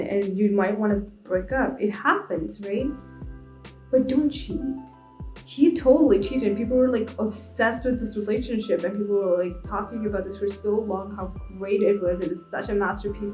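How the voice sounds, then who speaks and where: A woman's voice: mid-range voice, moderate pace. A young woman vlogger giving a blunt, exasperated casual book review. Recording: echoey room with soft music behind.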